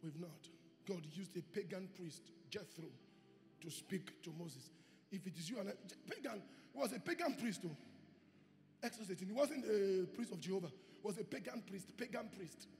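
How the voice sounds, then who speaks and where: A male pastor preaching a sermon with emphatic delivery, rising to shouts and acting out quoted voices. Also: high voice, lively intonation, normal speed. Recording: reverberant hall with faint music.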